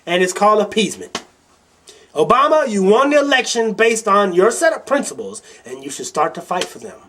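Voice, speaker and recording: A man's voice: high-pitched, very animated, a little fast, a bit bright, slight background noise. A man from Milwaukee hosting a political podcast, ranting angrily and bluntly with plenty of swearing and mockery. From Milwaukee, Wisconsin. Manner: angry, swearing, blunt and mocking. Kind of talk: profane political rant.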